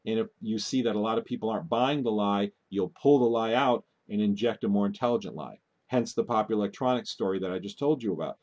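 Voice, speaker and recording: A man's voice: on the low side, darkish tone, husky. A man hosting his own video commentary, talking urgently and warning his viewers, often breaking off and restarting words. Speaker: video host. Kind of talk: casual commentary.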